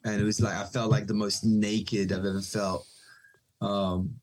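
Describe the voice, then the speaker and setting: A man from Israel, a guest on a podcast, telling stories in a lively way, acting out other people's lines and laughing often. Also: lowish voice, a little slow, slight background noise. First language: Hebrew. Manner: animated storytelling, acts out quoted voices, laughs often. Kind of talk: casual chat.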